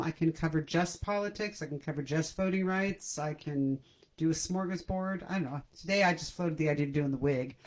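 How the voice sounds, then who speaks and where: A woman's voice: fairly low pitch, rough recording. A woman hosting a comedy livestream from home, chatting casually and self-deprecatingly to her viewers and laughing at her own jokes. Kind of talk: casual chat to a livestream audience. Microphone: computer camera mic.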